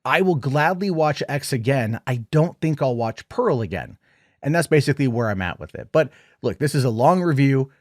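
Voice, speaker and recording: A man's voice: mid-range voice, dry recording, clean studio sound. Rambling, chatty male film reviewer. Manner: rambling, animated retelling with many "like"s. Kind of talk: casual spoken film review.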